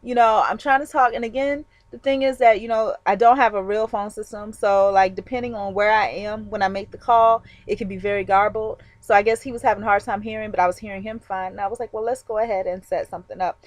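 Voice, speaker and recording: A woman telling a story to her viewers in a casual, animated, chatty way, with frequent fillers and laughs. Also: medium pitch, fast, few pauses, no echo. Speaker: vlogger.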